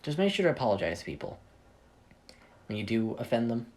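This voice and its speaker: Kat, a teenage girl and easygoing older sister, talks in a breezy, reassuring way with a lively, bouncing pitch, as a man puts her on in his own voice. It sounds like a home-read fan story. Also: fairly quick, lightly acted. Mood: soothing.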